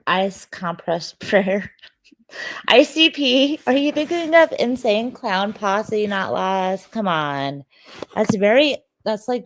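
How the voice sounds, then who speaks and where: A woman's voice: medium pitch, gravelly, no echo. A sleepy woman, hosting a livestream and chatting casually with viewers, rambling and joking. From Detroit, Michigan, USA. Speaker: livestream host.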